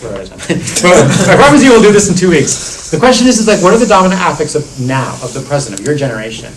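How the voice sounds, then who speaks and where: A man's voice: fairly high pitch, big pitch swings, fast talker, few pauses, a crowd in the background, poor audio. A middle-aged man, a university lecturer, talking through theory in a classroom seminar, circling back with restarts and fillers. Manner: discursive, many restarts and "like" fillers.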